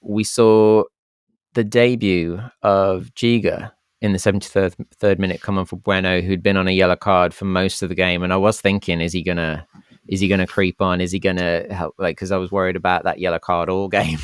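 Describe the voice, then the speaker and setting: A man's voice: low voice, flat delivery, fairly quick, clear, resonant tone, no echo, clean studio sound. A man co-hosting a football podcast, talking in a rambling, casual way and often restarting his sentences. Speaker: podcast co-host.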